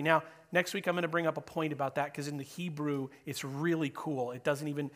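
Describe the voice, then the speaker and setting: A man preaching an informal, chatty sermon to his congregation as their pastor, joking and animated. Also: a little high. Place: church sanctuary.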